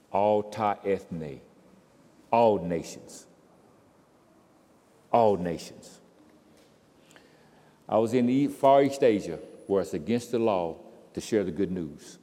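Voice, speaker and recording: A man preaching a sermon, swinging from quiet storytelling to loud, impassioned crescendos. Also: fairly low pitch. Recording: reverberant hall.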